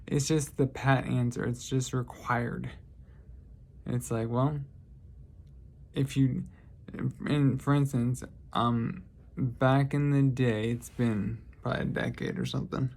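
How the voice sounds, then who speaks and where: Slow, gravelly man telling rambling anecdotes. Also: medium pitch, steady tone, darkish tone. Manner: rambling, self-correcting, lighthearted. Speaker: vlogger. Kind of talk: casual storytelling monologue.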